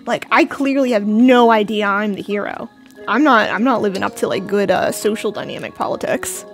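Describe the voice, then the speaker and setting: A woman's voice: medium pitch, moderate pace, soft background music. A young woman streaming a game at home, chatting playfully with her viewers as she plays. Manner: chatty, playful, talks to chat. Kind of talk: casual gameplay commentary. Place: indoors at home, cold room.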